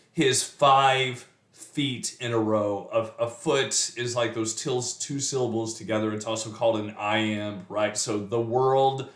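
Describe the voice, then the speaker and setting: Slow man reading and teaching poetry. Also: lowish voice, fairly bright tone. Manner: slow and measured, with frequent fillers and restarts. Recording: roomy echo.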